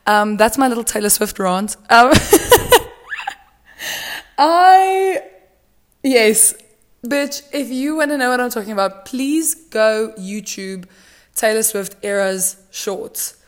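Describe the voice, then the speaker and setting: A woman's voice: a little high, lively intonation, takes it slowly, long pauses. A young woman from South Africa hosting a solo podcast, chatting casually with dramatic rants and plenty of filler words. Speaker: podcast host.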